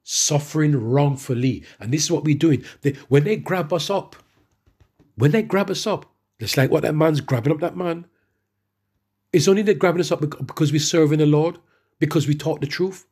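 A man preaching a sermon, reading scripture verses slowly and then preaching with emphatic rises in his voice. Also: on the high side, a little mellow, slightly rough.

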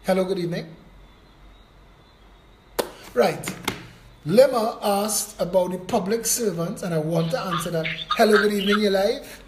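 Male call-in host, brisk and reassuring. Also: sits high, noisy background. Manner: upbeat, reassuring, talks over callers. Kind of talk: political call-in talk.

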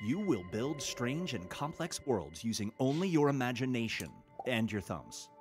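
An actor voicing a calm, mysterious male cat who guides players in a party game, speaking slowly and soothingly. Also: medium pitch, over music, lightly acted. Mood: calm hypnotic. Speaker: game narrator. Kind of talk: scripted game narration.

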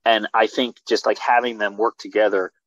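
A male filmmaker talking casually in an interview over a video call, rambling excitedly with many restarts and fillers. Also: fairly low pitch, moderate pace, dry recording. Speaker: filmmaker guest. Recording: dull lo-fi video call audio.

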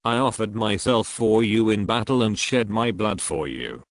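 A man reading the words of Christ's human nature, calling to a brother in an earnest, measured way. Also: on the low side, no echo, clean studio sound, natural voice. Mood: fervent.

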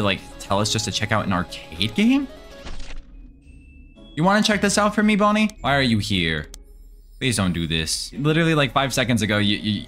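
A man's voice: on the low side, fairly bright tone. A young man giving casual let's-play commentary on a horror game, nervous and jittery, talking to the monsters and his viewers. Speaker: gaming video creator.

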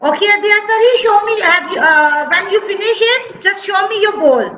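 A woman's voice: very high voice, expressive, moderate pace, hardly any pauses, pushed and bright. A woman teaching preschoolers in an online class, praising them in a sing-song, exaggerated way over a video call. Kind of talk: online class for small children. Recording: dull, echoey video-call audio.

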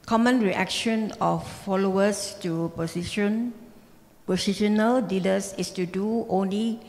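A woman reading a passage aloud slowly and deliberately during a church seminar. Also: medium pitch, vocal fry, a little mellow. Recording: long church hall reverb.

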